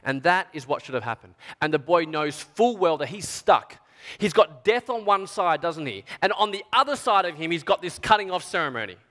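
A man preaching a sermon, telling a story with strong feeling, dropping to a hush and rising to near shouts. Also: a little high, lively intonation, moderate pace, in a large hall. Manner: emotional storytelling, dramatic swings from hushed to shouting.

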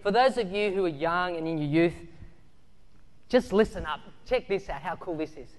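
Animated pastor in a reverberant hall. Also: male voice, high-pitched, normal speed. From Australia. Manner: animated storytelling, shouts and laughs through childhood stories. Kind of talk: sermon.

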